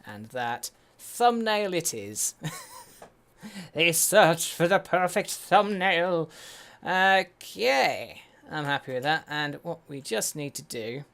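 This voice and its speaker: A man's voice: mid-range voice, a bit bright. A man giving casual game commentary as a let's play host, muttering to himself with wry, sweary asides. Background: faint in-game music.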